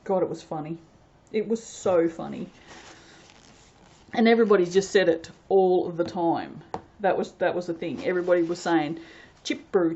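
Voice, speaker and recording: An Australian woman, host of a soap-making channel, chatting casually and rambling while she works, laughing often and breaking into sudden loud exclamations. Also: lowish voice, highs cut off, slight background noise. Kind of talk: casual chat while working.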